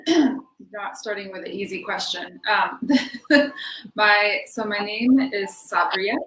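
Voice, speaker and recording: A woman's voice: mid-range voice, slow, fairly bright tone, roomy sound, slight background noise, rough recording. A woman speaking as a dancer guest in a casual interview, chatty and laughing often, with many fillers, on a video call from home. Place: home room in Sweden.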